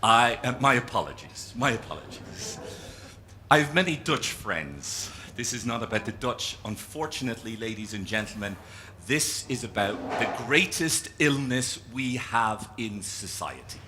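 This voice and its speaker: Lively Irish man giving a keynote. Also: medium pitch, moderate pace. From Ireland. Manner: animated storyteller, drawing as he speaks. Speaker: keynote speaker. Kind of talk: live talk to an audience. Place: conference room with an audience.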